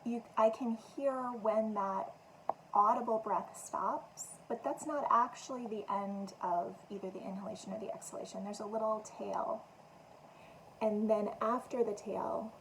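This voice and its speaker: Gentle woman teaching breathing meditation, calm slow instructions, mid pitch, faint hiss behind. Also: low-quality recording.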